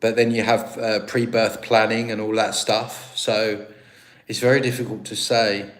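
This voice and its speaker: A man's voice: on the low side, level tone, measured pace. Rambling British man on a livestream. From Britain. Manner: rambling, self-deprecating, restarts sentences. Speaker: livestream host. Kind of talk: casual live-stream chat, reading viewer comments.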